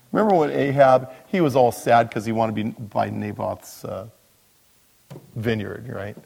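A man, a pastor, preaching a sermon in a relaxed, joking way, with lots of asides. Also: mid-range voice, unhurried, vocal fry, slightly rough. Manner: conversational, joking, frequent "you know" asides. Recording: long reverb of a large hall.

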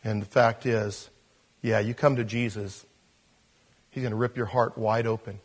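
Male pastor, husky voice, animated sermon delivery, loud-to-soft swings. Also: lowish voice, moderate pace.

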